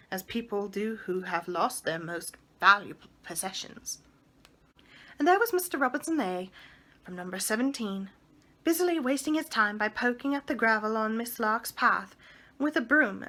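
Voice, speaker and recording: Bright expressive woman reading a storybook. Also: a little high. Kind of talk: reading a children's book aloud.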